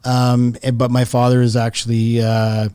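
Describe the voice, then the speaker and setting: A man's voice: medium pitch, completely flat delivery, moderate pace, warm tone, clear, resonant tone, dry recording. Chatty man in his fifties, dry sound. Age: 50s. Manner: chatty, laughing storyteller. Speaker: podcast guest. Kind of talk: casual storytelling interview.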